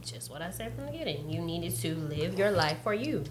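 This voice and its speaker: A woman's voice: lowish voice, sing-song, fairly quick, roomy sound, background noise. A woman in her twenties hosting a casual chat, blunt and teasing. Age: 20s.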